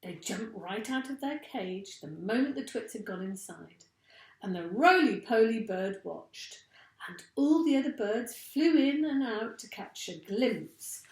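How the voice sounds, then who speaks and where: A woman teacher reading a children's storybook aloud with expressive, deliberate delivery. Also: on the high side. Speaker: primary school teacher. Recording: roomy echo.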